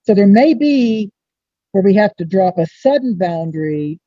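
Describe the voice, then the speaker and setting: A woman astrologer talks as a podcast guest, chatty and expressive, slipping into acted-out dialogue. Her voice sits at a middle pitch. The sound is dry and a little muffled. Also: measured pace, no echo. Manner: chatty, acts out dialogue in lively quoted voices. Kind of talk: podcast interview.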